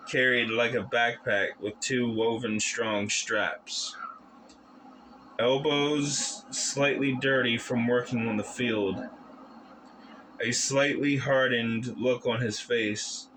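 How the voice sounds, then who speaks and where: A man reading his novel aloud as narrator, deliberate and careful, sometimes correcting himself. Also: mid-range voice, noisy background. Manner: slow, deliberate reading with occasional self-corrections. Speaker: audiobook narrator. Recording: background music under the voice.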